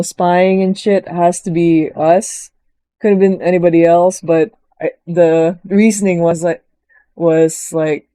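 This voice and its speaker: A woman chatting casually as she recaps a story, rambling with many fillers and jumping into a higher voice to quote characters. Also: dark tone, no echo. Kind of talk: casual chat.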